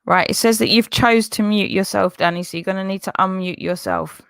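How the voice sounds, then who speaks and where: A woman's voice: mid-range voice, brisk, vocal fry, smooth, dry recording, clean studio sound. A woman hosting a live stream, talking insistently and with exasperation. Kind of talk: heated live stream confrontation.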